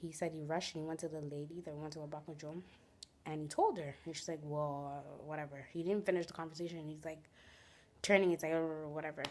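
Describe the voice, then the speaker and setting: A young woman tells a story to her vlog audience. Her voice sits fairly low, and she jumps between quoting her mother, an official and herself with lively energy. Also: fast. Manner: animated retelling, voicing each person in turn. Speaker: vlogger. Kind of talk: storytime vlog, retelling a family dispute.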